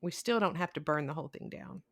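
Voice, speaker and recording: A middle-aged woman, a couples counselor hosting a podcast, telling stories in a candid, animated way. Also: sits low, fast talker. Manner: animated storyteller, candid and expressive. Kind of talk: casual conversational podcast.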